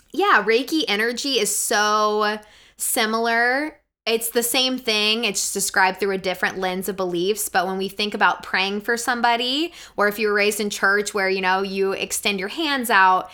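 A woman speaking as a guest in a relaxed podcast chat, with a bright, forceful edge to her voice. Her tone is clean and crisp. She tells earnest stories, full of "like"s and quick asides. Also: medium pitch. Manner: earnest, animated storytelling with many fillers. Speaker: guest, physical therapist. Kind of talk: casual podcast conversation.

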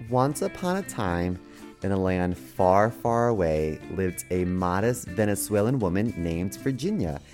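A man's voice: low voice, lively intonation, a little slow, a little mellow, soft background music. A man co-hosting a comedy podcast, reading a silly story aloud in a playful way. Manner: playful, giggly. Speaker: podcast co-host.

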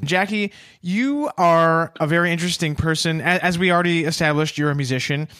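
A man co-hosting a podcast over a remote call, speaking hesitantly with many pauses and fillers. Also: on the high side, pushed and bright, clear, resonant tone. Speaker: podcast co-host. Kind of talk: casual podcast chat.

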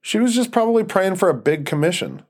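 A man's voice: high voice, very animated, fast talker, a little mellow, husky, pitched above the performer's own voice, heavily acted. Joking young husband, cocky and teasing, read by the male narrator in an audio story. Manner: teasing and irreverent.

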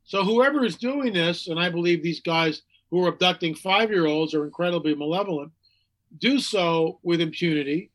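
A man's voice: sits high, moderate pace, a bit bright. A man from the United States, speaking as a guest in an interview with emphatic repetition and mocking quoted voices. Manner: emphatic, repeats phrases for effect. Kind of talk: animated interview talk.

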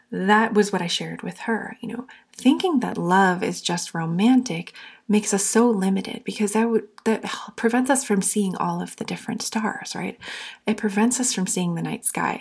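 A woman's voice: medium pitch, creaky, darkish tone, breathy edge. A young woman hosting her own podcast, talking earnestly and openly, at times close to tears. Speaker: podcast host. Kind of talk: heartfelt solo podcast talk.

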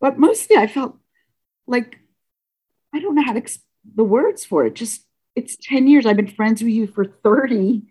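A woman telling a personal story in a casual, halting way, with restarts, acting out what people said with big jumps in pitch. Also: slightly rough. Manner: animated, acts out dialogue with pitch leaps; halting, frequent restarts and self-corrections.

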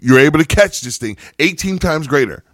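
A man's voice: on the high side, expressive, fairly quick, crowd noise. A man on a casual podcast panel, ranting heatedly and emphatically, with frequent cursing.

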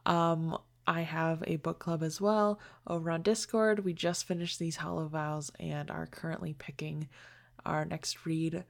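A woman hosting a podcast, retelling a story in casual, animated chat full of "like". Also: deep voice, measured pace, gravelly. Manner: chatty, animated retelling with frequent "like". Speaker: podcast host.

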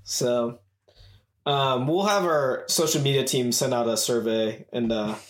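A man's voice: mid-range voice, measured pace. A man hosting a podcast in casual chat, rambling and addressing the audience, in a roomy recording. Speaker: podcast host. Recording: roomy echo.

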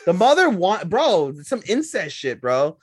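A man co-hosting an anime podcast in casual chat, animated, with squeaky put-on voices when retelling scenes. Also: measured pace, husky, dry recording, studio quality. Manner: animated, jumps into high squeaky voices for characters. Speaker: podcast co-host.

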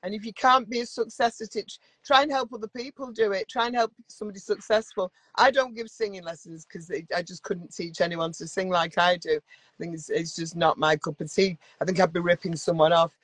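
A woman's voice: on the low side, fairly even intonation, a little fast, breathy edge, no echo. Blunt Mancunian woman, swearing freely. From Manchester, England. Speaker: guest singer. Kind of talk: casual interview chat.

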